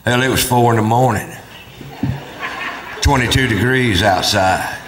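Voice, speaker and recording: A man's voice: mid-range voice, a little slow, pitched below the performer's own voice, lightly acted. A Texan man playing his boastful redneck hunter cousin. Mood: bragging. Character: boastful male redneck hunter cousin bragging about a kill. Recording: reverberant stage recording with audience noise.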